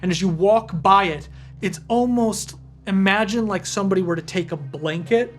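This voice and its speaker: High-voiced man running a tabletop game. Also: normal speed, faint music behind. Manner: descriptive, searching for words. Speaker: game master.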